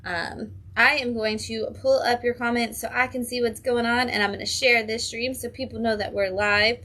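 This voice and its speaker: A woman's voice: a little high, flat delivery, moderate pace, bright, forceful tone. A woman hosting a casual livestream from a comic book shop. She is chatty and upbeat and drops in frequent ums.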